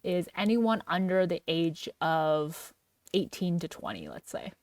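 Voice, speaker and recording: A young woman co-hosting a podcast in a chatty, casual way, full of "like" fillers and quick laughs. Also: fairly low pitch, sing-song, darkish tone, dry recording, recorded from a distance. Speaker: podcast co-host. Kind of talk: casual chat.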